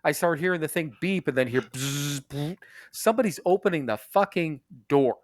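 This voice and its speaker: A man's voice: on the high side, expressive, moderate pace, dry recording, studio quality. A man co-hosting a podcast, telling a rambling story in casual chat, swearing and laughing as he goes. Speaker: podcast co-host.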